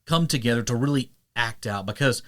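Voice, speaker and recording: A man hosting a podcast and chatting casually, animated and quick to slip into playful voices; he narrates audiobooks. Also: mid-range voice. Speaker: podcast host. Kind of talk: casual chat.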